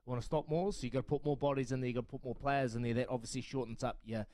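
A man's voice: medium pitch, steady tone, rapid-fire, darkish tone, no echo. A man hosting a casual sports chat, joking and laughing easily. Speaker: host.

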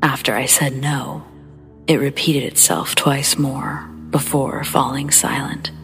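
A woman hosting a horror story show, reading first-person accounts in a hushed, breathy whisper with a slow, measured delivery. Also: extremely low pitch, little pitch movement, soft background music. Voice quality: breathy whisper with gravelly fry. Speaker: horror story narrator and host.

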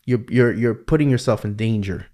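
A man's voice: fairly low pitch, normal speed, warm tone. A middle-aged man hosting a podcast, chatting casually and telling stories animatedly, often repeating words. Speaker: podcast host. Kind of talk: casual conversation.

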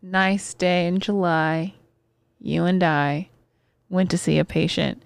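A woman co-hosting a podcast, telling a work story in casual chat, animated and profane. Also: lowish voice, slow, gravelly, clear, resonant tone, no room sound. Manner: animated, profane, acts out quoted voices. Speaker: podcast co-host, therapist.

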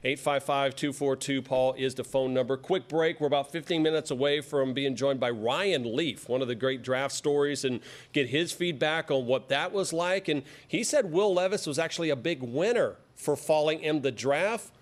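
A man's voice: medium pitch, moderate pace, hardly any pauses. A man hosting a sports talk radio show, chatty and upbeat as he takes callers.

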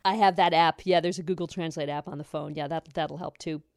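A woman's voice: low voice, steady tone, a little fast, no echo, studio quality. Chatty, self-mocking radio co-host woman. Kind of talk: casual chat.

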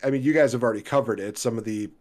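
A man's voice: medium pitch, rapid-fire, darkish tone. A man in his twenties co-hosting a podcast in casual, chatty talk, laughing between remarks. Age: 20s. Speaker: podcast co-host. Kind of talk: casual chat.

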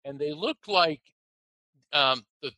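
A man from the United States, an interview guest telling a personal story, animated and halting with many restarts. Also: a little high, no echo, rough recording.

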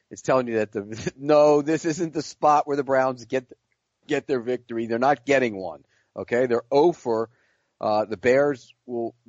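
A man's voice: medium pitch, darkish tone, no echo. A man co-hosting a sports podcast, talking in a blunt, matter-of-fact way. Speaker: podcast co-host. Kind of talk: casual sports betting talk. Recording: dull lo-fi audio.

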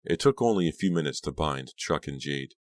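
A man narrating an audiobook in a steady, measured way. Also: very deep voice, dry recording. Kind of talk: scripted narration.

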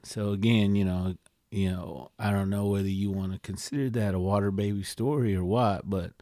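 A man co-hosting a podcast, telling a story in a rambling, halting way with many fillers. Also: fairly low pitch, fairly even intonation, dark tone, no room sound, studio quality. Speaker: podcast co-host. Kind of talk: casual storytelling chat.

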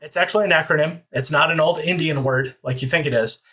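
Husky voice, podcast host, joking, easygoing chat. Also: mid-range voice, fast, pushed and bright.

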